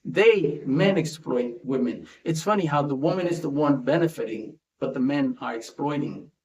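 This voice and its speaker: A man's voice: a little high, moderate pace, a little mellow. A man hosting a casual commentary monologue, talking conversationally and tagging his points with "right?". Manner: conversational, tags statements with "right?". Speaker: commentary host. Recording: roomy echo.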